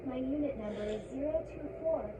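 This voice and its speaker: A woman voices a curious, polite young robot girl in a video game, with a fairly high voice. The game audio sounds distant and roomy, with clear noise behind it. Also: fairly quick, natural voice. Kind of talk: game voice acting.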